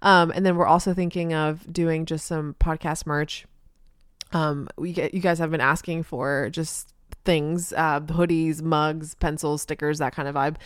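A woman hosts her own podcast, chatting casually on her own in an upbeat way that is full of ums. Her voice sits a little low and sounds smooth and clear. The recording is dry and close. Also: little pitch movement, a little slow, no room sound. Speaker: podcast host, social media marketer. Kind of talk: casual solo podcast talk. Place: podcast studio with couch and rug.

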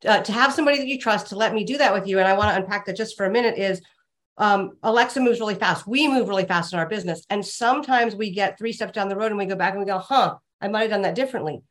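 A woman's voice: mid-range voice, fast talker, fairly bright tone. A middle-aged woman, a leadership coach, giving advice in a reflective and emphatic way.

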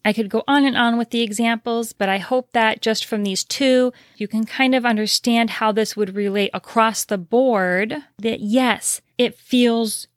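A woman's voice: on the high side, steady tone, measured pace, hardly any pauses, no room sound, studio quality. Earnest woman giving relationship advice. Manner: earnest, reassuring, emphatic repetition. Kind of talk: direct-to-camera advice talk.

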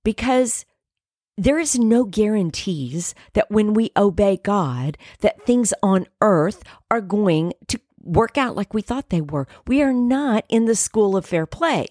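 A woman's voice: medium pitch, expressive, slow pace, dry recording, clean studio sound. Earnest middle-aged woman podcast host. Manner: earnest, personal storytelling with soft whispered asides. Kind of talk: faith podcast monologue.

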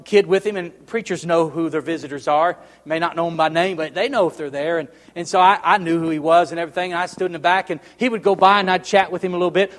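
A middle-aged male preacher giving a revival sermon, swinging from loud, emphatic proclamation to quiet intensity and joking with the congregation for amens. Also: high voice. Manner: jokes with the congregation and calls for amens. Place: church sanctuary. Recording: long church hall reverb.

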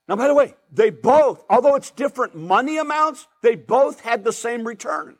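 A man with a fairly high voice preaching in a loose, talky way. He drifts into asides and then pulls himself back to the point. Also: big pitch swings, normal speed, hardly any pauses. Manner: conversational, rambling with asides. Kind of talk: sermon.

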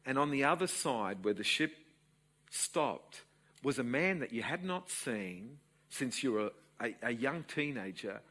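A man in his sixties with an Australian accent, preaching a sermon and telling a family story to his congregation in an animated storytelling manner. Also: medium pitch, unhurried. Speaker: pastor.

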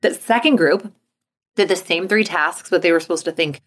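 A woman hosting a motivation podcast as a coach. She talks in an upbeat way and acts out inner thoughts in a lively voice. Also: on the low side, moderate pace.

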